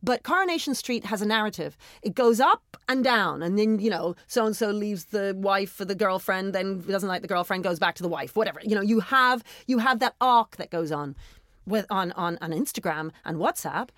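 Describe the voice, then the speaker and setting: A woman headteacher, talking in an interview in an emphatic, animated way and often adding "I mean" and "right?". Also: mid-range voice, normal speed, no echo, studio quality. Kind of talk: interview conversation.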